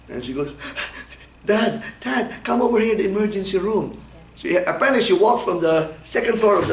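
A man's voice: on the high side, reverberant, low-quality recording. A man giving a medical lecture, joking, asking the class questions and answering them himself. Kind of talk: classroom lecture with personal anecdotes.

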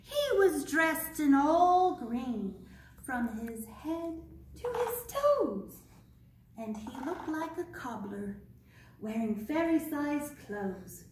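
A young woman librarian reading a picture book aloud at children's storytime, gentle and playful, asking the kids questions. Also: high voice, very animated, slow pace, a little hiss or hum. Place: public library room. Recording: echoey room, mic far off.

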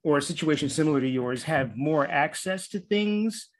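A man's voice: fairly high pitch, animated. A man hosting a podcast, asking long, loosely worded questions. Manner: quick, rambling questions with fillers. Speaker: podcast host. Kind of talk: interview questions.

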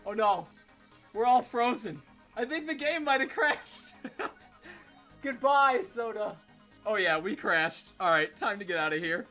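A young man giving playful gameplay commentary, excitable and laughing as he plays with a friend. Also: sits high, normal speed, faint music behind. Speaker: gaming YouTuber.

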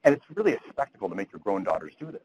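A man's voice: lowish voice, very animated, rapid-fire, darkish tone, slight background noise, rough recording. A man lecturing physicians at grand rounds, retelling a story earnestly and often repeating words as he goes.

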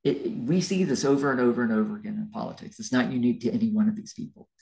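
A man's voice: medium pitch, very fast, gravelly, mellow, rough recording. A man, a college history lecturer, giving a recorded class lecture in a conversational, rambling way with fillers and restarts.

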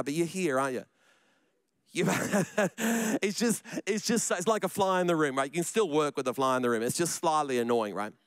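A man's voice: a little high, a bit bright, smooth, no echo. A man preaching a sermon in church, chatty and joking, often repeating his words. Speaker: pastor.

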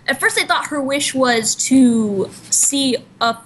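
A woman with a fairly high voice, chatting casually as a podcast co-host. She rambles through a long retelling, packing in "like" and "you know" and restarting her sentences, with a faint hiss of noise under her voice. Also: lively intonation, slow pace, fairly bright tone, low-quality recording. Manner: rambling, full of "like" and "you know", self-correcting. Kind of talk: casual chat retelling an anime plot.

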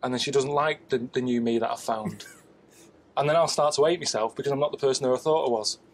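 A man giving deadpan, complaining travel commentary, sounding weary and self-deprecating. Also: mid-range voice, quick pace, low-quality recording. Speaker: travel show subject.

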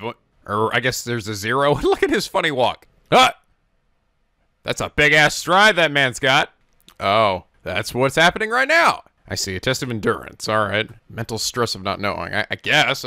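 A man hosting an anime reaction, excitable, breaking into frequent laughs and exclamations. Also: fairly high pitch.

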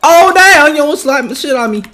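A young man giving loud, trash-talking gaming commentary, jumping between high yells and low mutters. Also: lively intonation, normal speed. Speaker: gaming YouTuber.

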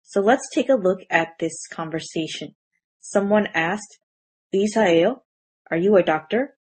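A woman gives a scripted grammar lesson for a language, explaining things clearly and reading example sentences at a measured pace. Her voice sits in the mid-range and is a little mellow.

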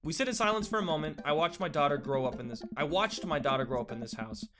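A man's voice: a little high, animated, fast. Man reading aloud over game music. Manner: theatrical, emotive reading with asides to viewers. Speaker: gaming YouTuber. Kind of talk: let's play, reading game dialogue aloud. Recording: game music playing underneath.

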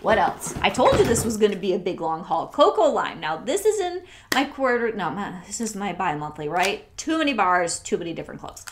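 A woman's voice: medium pitch, big pitch swings, fairly quick, hardly any pauses, slight background noise. Gushing chatty woman reviewing products. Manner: gushing and chatty, drifting into soft near-whispers. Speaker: scent consultant and channel host. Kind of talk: casual product review vlog.

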